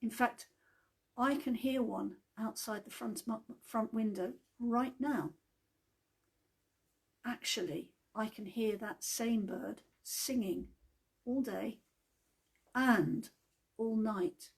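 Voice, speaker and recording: A woman gives a gentle devotional talk, telling stories in an unhurried, chatty way. Her fairly high voice has a gravelly, husky edge, and she speaks slowly.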